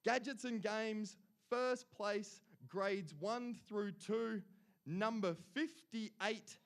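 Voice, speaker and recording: A young Australian man with a high, light voice announces award places and winners to a live crowd. Upbeat and playful, he slips in quick jokes between names. His intonation stays fairly even, and his tone is clear and resonant.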